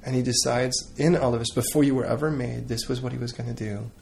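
A middle-aged man preaches in an earnest, conversational way, pausing often and restarting his phrases. He then leads a heartfelt closing prayer. His voice sits at an ordinary pitch for a man. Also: fairly even intonation, vocal fry, darkish tone, a little hiss or hum. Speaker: pastor.

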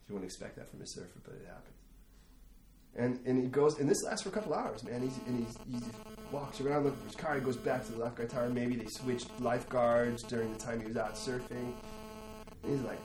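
Storytelling pastor in an echoey hall. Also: male voice, medium pitch, fast. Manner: storytelling, rising to animated emphasis. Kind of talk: sermon. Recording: echoey room, faint ambience.

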